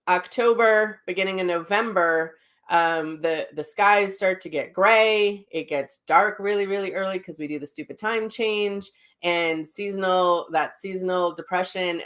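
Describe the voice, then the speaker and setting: A middle-aged woman talks openly to her viewers in a relaxed, rambling way. Her voice sits a little low, and she often stops to correct herself and adds filler words. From Minnesota. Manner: candid, rambling, with frequent fillers and self-corrections. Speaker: psychic medium host. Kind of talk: casual personal talk.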